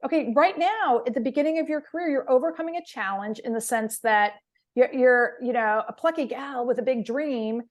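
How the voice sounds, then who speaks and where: A woman's voice: high voice, fairly quick. A woman hosting a podcast interview, asking long questions full of fillers and restarts. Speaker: podcast host.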